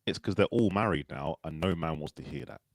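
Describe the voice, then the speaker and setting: A man with a very deep voice rattles along quickly in casual livestream banter. He jokes around and reads out viewer comments, and his sound is close and dry. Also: no room sound. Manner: quick, joking, reads chat aloud.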